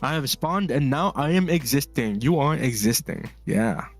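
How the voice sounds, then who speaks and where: Relaxed rambling male streamer, music behind. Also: medium pitch, normal speed. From Philippines. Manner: relaxed, rambling, laughs often, reads chat aloud. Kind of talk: casual chat while drawing.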